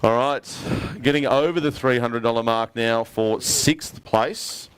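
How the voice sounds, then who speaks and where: A man's voice: mid-range voice, unhurried. An Australian man emceeing a live prize presentation at an outdoor weigh-in, upbeat and matey as he calls up each winner. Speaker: tournament emcee.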